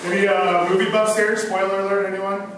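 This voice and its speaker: A man doing a stand-up comedy set, trading deadpan one-liners and self-mocking asides from a club stage. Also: high voice, fairly quick. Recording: echoey club room from far off, noisy.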